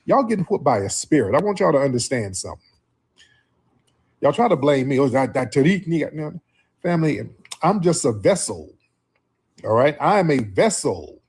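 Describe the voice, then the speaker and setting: A man's voice: on the high side, darkish tone, husky. A man hosting a live stream, preaching at length and sparring with callers and trolls. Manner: preachy, combative, calls in viewers. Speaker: host.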